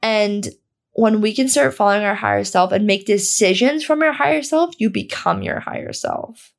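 A young woman talks through a self-help podcast episode in a loose, candid monologue. Her mid-range voice carries a gravelly fry. She swears without hesitation and fills her sentences with "like". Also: mid-range voice, normal speed. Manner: casual and candid, swears freely, heavy use of "like". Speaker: podcast host.

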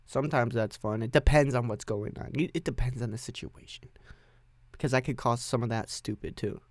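A young man talks alone into the mic at his home music setup, rambling, offhand and full of swearing. His pitch sits in the middle, and the sound is dry and close with no room around it. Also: a little fast, no room sound. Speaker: podcast host. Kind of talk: rambling solo podcast monologue.

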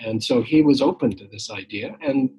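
A man in his sixties recounts his experiences in a relaxed, reflective way. His voice is husky and sits at an ordinary middle pitch, and he pauses often with fillers and restarts. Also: low-quality recording. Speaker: guest poet. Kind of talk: casual conversation. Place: home, tree shredding outside.

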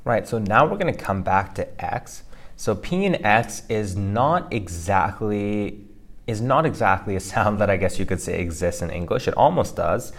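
A man's voice: on the low side, lively intonation, moderate pace. A man co-hosting a casual language lesson, explaining pronunciation loosely with fillers and restarts. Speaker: language teacher co-host. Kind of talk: casual instructional podcast.

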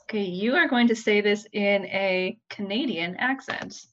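An upbeat woman runs a tabletop game over a voice call, laughing easily between prompts. Her voice sits in a middle pitch, and the audio is slightly dull. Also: unhurried, a bit bright. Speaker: dungeon master. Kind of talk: casual game chat.

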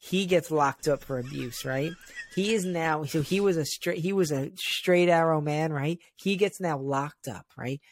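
A young man co-hosting a casual comedy podcast, riffing excitedly and building on the joke. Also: a little high, measured pace, no room sound. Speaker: podcast co-host.

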